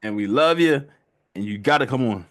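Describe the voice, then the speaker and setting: A man's voice: medium pitch, animated, moderate pace, no echo, studio quality. A man hosting a casual live stream chat while painting, laid-back, laughing often and repeating himself. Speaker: livestream host.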